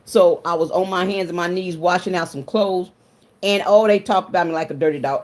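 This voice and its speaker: A woman's voice: fairly low pitch, brisk. A woman hosting a casual livestream, chatting with viewers and greeting them by name, emotional and confiding, laughing often. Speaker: livestream host.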